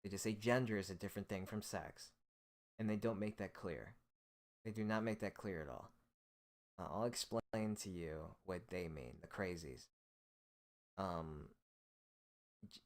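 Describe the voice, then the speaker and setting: Male host, low deep voice, profane scornful solo rant. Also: a little slow, long pauses. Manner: hostile, profane, scornful ranting.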